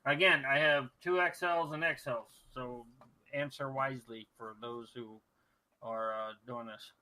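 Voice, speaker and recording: A man's voice: medium pitch, steady tone, unhurried, pushed and bright, poor audio. A man hosting a talk radio show, rambling and profane, with lots of restarts and fillers. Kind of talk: casual crude talk radio banter.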